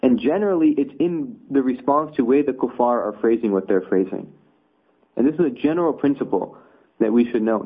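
Husky man teaching a religious lesson. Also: mid-range voice. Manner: conversational, with rhetorical asides. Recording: tinny phone-like audio.

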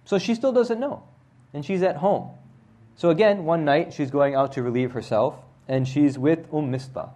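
A man teaching a religious lesson, retelling the story in a casual, conversational way and often checking in with listeners with a quick "right?". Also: on the high side, mellow.

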